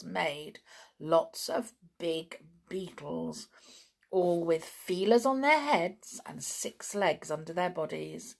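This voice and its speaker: A woman narrating a children's storybook, expressive, with dramatic gasps and sighs. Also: deep voice, creaky, breathy edge. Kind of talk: storybook reading.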